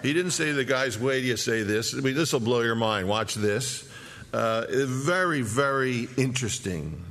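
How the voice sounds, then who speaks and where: A middle-aged male pastor teaches through a Bible chapter, reading the verses slowly before cutting in with quick, joking asides. His voice is mid-range and a bit bright.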